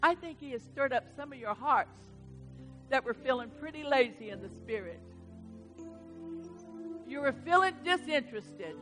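A woman pastor preaching a sermon in a church, swinging from hushed storytelling to loud exhortation. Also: sits high, lively intonation, a little slow, pauses often, faint music behind. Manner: dramatic swings from hushed to loud, retelling stories. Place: church sanctuary.

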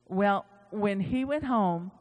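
In a church sanctuary, a preacher with a mid-range, darkish voice gives a sermon, speaking slowly but animatedly as he retells stories with quoted dialogue. The recording carries long church-hall reverb.

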